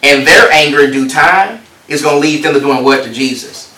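A man preaching a sermon, his bright, forceful voice ringing through a roomy hall. He sits a bit back from the microphone and leans on repetition and direct questions to the congregation. His voice sits somewhat high for a man. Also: normal speed. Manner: emphatic, repeats phrases for stress, asks the congregation questions. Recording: roomy echo, distant mic.

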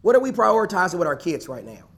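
A pastor preaching a sermon to a congregation, asking rhetorical questions and repeating key lines for emphasis. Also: male voice, high voice, big pitch swings, quick pace, fairly bright tone. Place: church.

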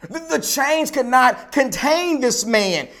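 A man's voice: very high voice, lively intonation, takes it slowly, fairly bright tone. A preacher delivering a sermon, an emphatic man who repeats his phrases and asks the listeners rhetorical questions.

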